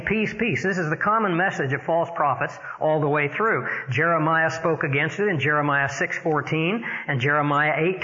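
A man delivers a sermon in a fairly high, forceful voice. He pushes his pitch and volume up for emphasis and drags out important words. The sound is dull and lo-fi, like an old radio broadcast, with long reverb from a large hall. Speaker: preacher.

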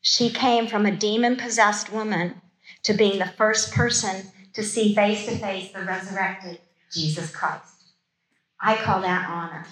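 A woman's voice: medium pitch, steady tone, normal speed, fairly bright tone. Woman teaching scripture in an echoey room. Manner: reads scripture, then comments in casual asides. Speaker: Bible teacher. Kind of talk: Bible study sermon. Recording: roomy echo.

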